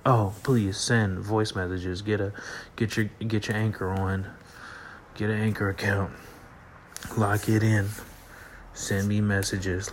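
Man, late-night solo podcast host, low voice, sleepy, loose rambling delivery, faint hiss behind. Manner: rambling, laid-back, laughs often, trails off with fillers. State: sleepy, yawning. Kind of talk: casual solo podcast monologue. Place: at home at night.

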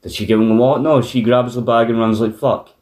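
A Scottish man co-hosting a film review podcast, retelling scenes in an animated, sweary way. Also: medium pitch, fast. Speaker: podcast co-host. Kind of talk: casual film review chat. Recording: roomy echo.

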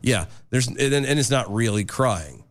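A man co-hosting a casual comedic chat show, animated and jumping high in pitch for emphasis. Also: a little slow, slight background noise. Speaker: podcast co-host.

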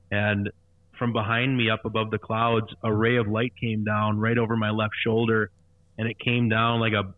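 Over a tinny, phone-like line that is dry and echo-free, a man in his thirties shares his conversion story as a guest. He speaks earnestly on the low side, repeating himself and restarting often in a halting way.

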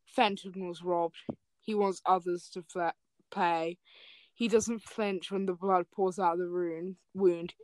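A woman's voice: on the low side, fairly even intonation, slow pace, darkish tone, no room sound. A young woman hosting a casual chat, reading fan fiction aloud with melodramatic flair and joking between lines. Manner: reads melodramatically, breaks into laughter and jokes.

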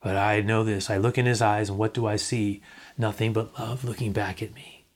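A man's voice: on the low side, level tone, normal speed. Earnest male pastor preaching. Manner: earnest, repeats key phrases, drops to a near whisper at times. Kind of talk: sermon.

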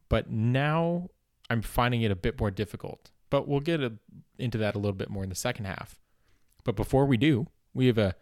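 A man's voice: mid-range voice, no room sound. A young man hosting a comedic solo podcast, rambling in a dry, self-deprecating way. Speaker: podcast host.

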